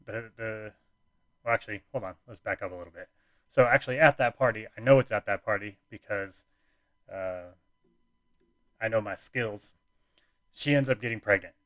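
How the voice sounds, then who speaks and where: A young man tells a personal story on his podcast, loose and rambling, stopping and restarting his sentences. His voice sits low, and the close mic gives it a dry, roomless sound. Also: moderate pace, long pauses, no echo. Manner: rambling, laid-back, frequent fillers and restarts. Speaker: podcast host.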